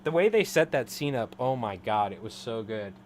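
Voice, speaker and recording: A man in his thirties chats loosely to his stream audience as he ties flies, rambling from one thought to the next and breaking into laughter often. His voice sits at an ordinary middle pitch. A faint hum runs underneath. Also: lively intonation, normal speed, darkish tone. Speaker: live-streaming fly tyer. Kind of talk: casual live-stream chat.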